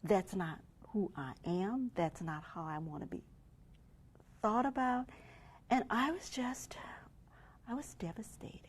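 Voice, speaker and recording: A woman's voice: mid-range voice, lively intonation, unhurried, pauses often, husky. An actress playing a hurt and angry homeowner woman who speaks emotionally and often drops into a whisper in a role-played mediation. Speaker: victim in mediation.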